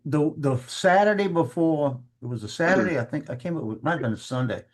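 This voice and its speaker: Storytelling man with a slightly high voice. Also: lively intonation. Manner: halting, repeats words, acts out quoted voices. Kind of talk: casual storytelling chat.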